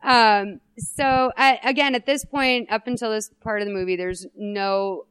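A woman co-hosting a podcast, recapping a movie in casual chat with an animated, profane, wry manner. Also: on the high side, a little slow, smooth. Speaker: podcast co-host.

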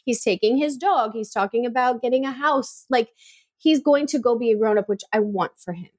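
Chatty middle-aged woman, slightly high voice. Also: a little fast. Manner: chatty, emotional, lots of fillers. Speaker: podcast co-host. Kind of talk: casual chat.

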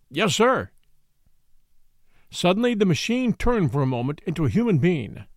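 A man narrating an audiobook of a memoir, his slightly high voice rising and falling with lively expression. He reads as a storyteller and gives the quoted lines a touch of acting. The recording is close and dry, with no room sound. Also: no echo. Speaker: podcast host and narrator.

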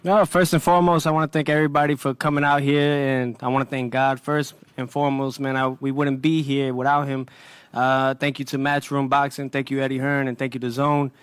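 A man's voice: mid-range voice, flat delivery, a little fast, clear, resonant tone, no echo. A young man speaking as a boxing champion at a press conference, brash and streetwise, trading trash talk.

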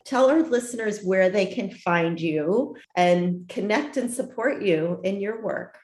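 A woman's voice: medium pitch, lively intonation, a little slow, a little mellow. A woman co-hosting a parenting podcast, closing the interview and reading sponsor messages. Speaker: podcast co-host.

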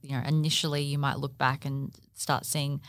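Low-voiced woman co-host, probing questions, dry room. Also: level tone, moderate pace, dry recording. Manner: curious, asks probing questions. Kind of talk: casual chat.

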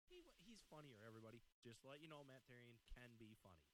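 A man jokes and teases in casual podcast chat, talking fast with a bright, forward tone. His pitch jumps around a lot. A faint hiss runs under the recording. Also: sing-song, low-quality recording. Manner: joking interjections, teasing. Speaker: podcast co-host.

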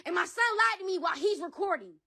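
A woman's voice: very high-pitched, expressive, quick pace, vocal fry, bright, forceful tone. A woman giving an emotional personal account in an interview, heated and repetitive, swearing often. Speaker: interview guest.

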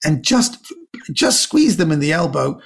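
A man telling lively anecdotes as a guest, often acting out what other people said. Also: a little high, a little slow, vocal fry. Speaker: guest comedian. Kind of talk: casual storytelling interview.

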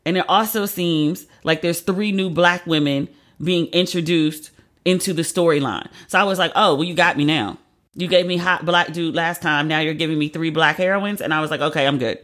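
A woman hosts a podcast of casual pop-culture commentary, her voice sitting low and a bit bright at a normal speed. She keeps things wry and chatty, often breaking into laughter.

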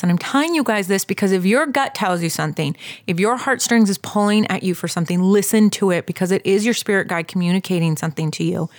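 A woman in her thirties co-hosting a podcast, telling a story to her listeners with lots of emphasis. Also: mid-range voice. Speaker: podcast co-host. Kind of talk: casual storytelling chat.

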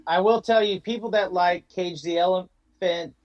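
A man's voice: sits high, fairly even intonation, moderate pace, lo-fi sound. A man hosting a podcast, chatting casually, joking and teasing his guests. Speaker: podcast host. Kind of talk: casual chat.

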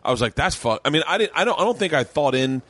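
Fast-talking comedian man. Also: fairly high pitch, big pitch swings, a bit bright, no room sound. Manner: rambling, quick restarts. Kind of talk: casual podcast chat.

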